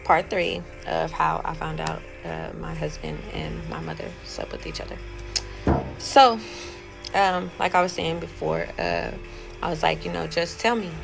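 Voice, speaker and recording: A woman tells her own story in a loose, chatty storytime monologue. Her voice sits low and crackles with heavy vocal fry. She rambles along with plenty of fillers and quoted back-and-forth. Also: animated, measured pace, over music.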